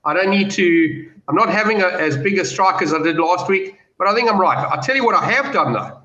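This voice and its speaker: A man's voice: high voice, brisk. A man giving confident betting views and telling stories in a casual panel chat over a video call. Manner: animated, storytelling, confident. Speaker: betting pundit. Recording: roomy, dull lo-fi call audio.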